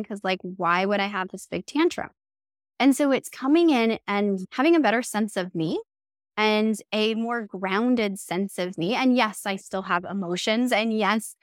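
Earnest higher-voiced woman, dry sound. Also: no echo. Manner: earnest, acts out quoted phrases; explanatory. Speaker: guest, somatic therapist and mindset coach. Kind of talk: podcast interview.

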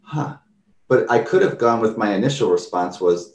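A man's voice: on the low side, moderate pace, reverberant, far from the mic. A man talking casually about mindfulness, telling everyday stories and acting out people's reactions. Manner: animated storyteller, acts out quoted reactions. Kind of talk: casual conversational talk.

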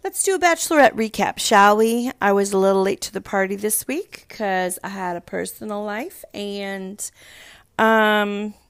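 Stuffy-nosed woman host chatting sarcastically, lots of vocal fry, dry close sound. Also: mid-range voice, measured pace, dry recording. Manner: sarcastic, rambling asides. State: congested, stuffed up. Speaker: podcast host. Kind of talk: casual TV recap chat.

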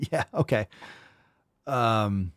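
A man hosting a podcast, reacting to an article with mocking, profane sarcasm, swinging from loud outbursts to low mutters. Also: clean tone, dry recording, studio quality. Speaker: podcast host.

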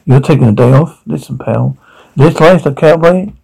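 An actor playing a tough, profane veteran police officer who talks bluntly and confrontationally in a TV drama. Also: male voice, medium pitch, moderate pace, gravelly, mellow, breathy edge, poor audio. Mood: scolding. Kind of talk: TV drama dialogue.

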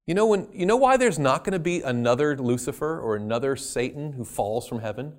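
A man preaching a sermon, stressing key words loudly and then dropping to quiet asides. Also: medium pitch, animated, fast, hardly any pauses. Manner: emphatic, swinging between loud stresses and quiet asides.

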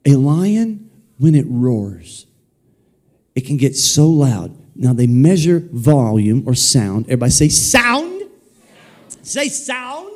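A man preaching in a church sanctuary, animated and playful, often calling on the congregation to repeat his words. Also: mid-range voice, a little slow. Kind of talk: energetic sermon with call-and-response.

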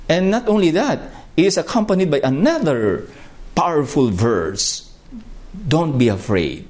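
A man's voice: a little high, big pitch swings, a little mellow. A man with a Filipino accent preaching a sermon, reflective and emphatic on key phrases. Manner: slow, reflective, with rising emphasis on key words.

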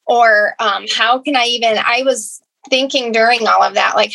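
A woman's voice: a little high, steady tone, normal speed, gravelly, sharp tone, poor audio. A woman pastor with a Midwestern accent, talking earnestly and reflectively on a faith podcast, with many fillers. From Michigan. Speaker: guest pastor. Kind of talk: casual faith podcast chat.

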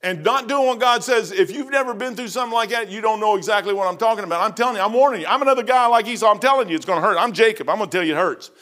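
A man's voice: sits high, rapid-fire, hardly any pauses, fairly bright tone. A middle-aged man preaching informally, telling personal stories in an emphatic, folksy way.

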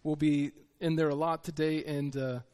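A man, a missionary, giving an earnest, conversational sermon with halting restarts. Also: a little high, level tone, a little mellow. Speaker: missionary preacher.

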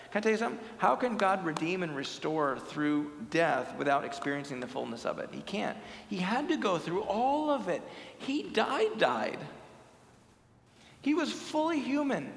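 Impassioned pastor in an echoey hall. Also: male voice, high-pitched, creaky. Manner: impassioned, swings from loud to hushed. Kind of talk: sermon. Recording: echoey hall with faint music.

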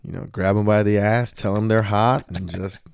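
A man's voice: fairly low pitch, normal speed, vocal fry, smooth, dry recording, studio quality. A man in his thirties, a podcast host, chatting casually and bluntly, telling stories and acting out other people's voices. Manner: blunt, animated storyteller doing voices of others.

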